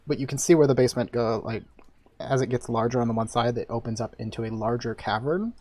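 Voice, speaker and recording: A man's voice: medium pitch, fast, a little mellow, dry recording. A man running a tabletop game as dungeon master, narrating with a rambling, restart-filled delivery.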